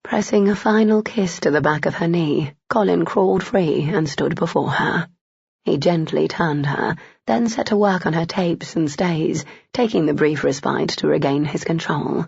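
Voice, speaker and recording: A woman reading a romance novel aloud as an audiobook narrator, steady and even. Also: low-pitched, gravelly, breathy edge, dry recording. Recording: dull, dry, lo-fi.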